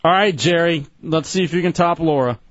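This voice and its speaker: A man's voice: a little high, lo-fi sound. A man hosting a casual call-in radio show, laughing and teasing his co-hosts and callers. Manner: laughing, teasing, quick back-and-forth.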